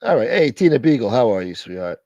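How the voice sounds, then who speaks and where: A man hosting a casual livestream, thanking donors and shouting out viewers by name in a profane, joking way. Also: medium pitch, very animated, quick pace, dry recording, dull audio. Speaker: livestream host. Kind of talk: casual live chat reading donations.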